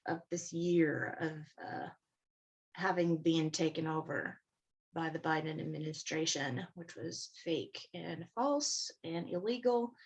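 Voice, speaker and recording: A woman's voice: on the low side, husky, low-quality recording. A woman hosting her own channel, talking in a loose, chatty way with frequent "um" and "uh" fillers as she runs through her notes. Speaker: channel host. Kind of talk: casual spoken commentary to camera.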